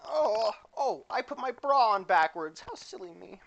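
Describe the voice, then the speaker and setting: A man doing a squeaky klutzy teen girl. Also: big pitch swings, unhurried, creaky, a bit bright, muffled recording, a little hiss or hum, exaggerated voice. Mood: ditzy. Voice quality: high squeaky falsetto. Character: klutzy young woman, eighteen, silly and cheerful.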